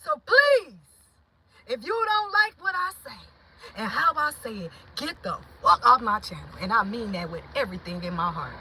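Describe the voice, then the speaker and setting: A woman hosting her own channel, talking to viewers in an impassioned, preachy way that swings from shouting to low, muttered asides. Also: big pitch swings, normal speed, a little hiss or hum, low-quality recording. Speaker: channel host. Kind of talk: impassioned livestream talk.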